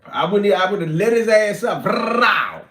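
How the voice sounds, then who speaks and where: A man, telling street stories. He is loud and profane, jumping from shouting to low muttering. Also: lively intonation, slow pace, noisy background. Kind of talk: animated street storytelling.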